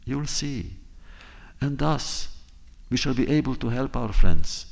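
A man voicing a cautious, practical royal counselor who reasons in a measured way. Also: mid-range voice, lively intonation, vocal fry, pitched above the performer's own voice. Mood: reasoning.

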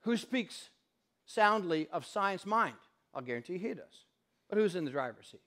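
A man's voice: high voice, normal speed. A man giving a public lecture in a university hall, telling stories with passion and acting out what people said. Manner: impassioned, animated storyteller who acts out quotes.

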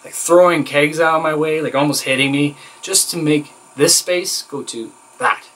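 A male vlogger talks directly to the camera in a casual, candid ramble, venting with lots of fillers and a tone of exasperation. His voice is slightly high and fairly bright, at normal speed, and the audio quality is poor.

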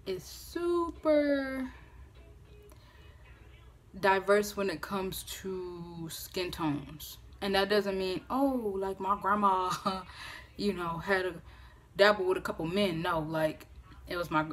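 A woman in her twenties telling a personal story on a phone-camera vlog, casual and animated, swearing freely and acting out what others said. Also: fairly low pitch, slight background noise. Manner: animated, profane, acts out quoted voices. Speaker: vlogger.

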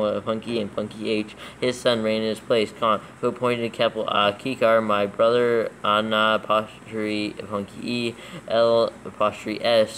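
A man with a low but fairly bright voice reads scripture steadily for proofreading, spelling out capitals and punctuation marks. Slight background noise runs through the rough recording.

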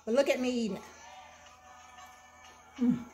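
An older woman who is a minister, hosting a casual cooking vlog, talking warmly and preachily and humming over her food. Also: fairly high pitch, over music. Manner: warm, preachy, tastes food with drawn-out hums.

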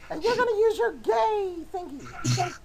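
A woman with a raspy voice, talking trash playfully and excitably while playing a card game, swearing as she goes. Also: very high voice, moderate pace, slight background noise, poor audio. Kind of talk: casual trash talk during a card duel.

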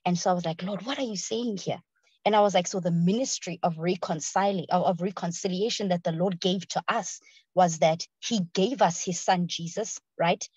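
Woman preacher, husky voice, dull dry lo-fi sound, earnest and quick. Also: on the low side, a little mellow, no room sound. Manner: earnest, quick-talking with frequent fillers and checks for understanding. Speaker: speaker at a ministry session. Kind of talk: sermon, teaching scripture.

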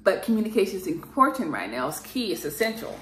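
A woman's voice: medium pitch, big pitch swings, quick pace, a bit bright, reverberant, a little hiss or hum. A woman speaking as a spiritual channeler in an earnest, repetitive monologue that rambles and is full of fillers.

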